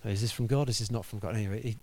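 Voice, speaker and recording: A man's voice: on the low side, fairly even intonation, very fast, mellow. A man preaching a sermon, telling a story with animation and acting out the dialogue.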